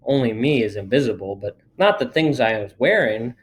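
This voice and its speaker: A man reading a children's book aloud in a lively storytelling manner. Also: mid-range voice, moderate pace, slight background noise. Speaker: reader.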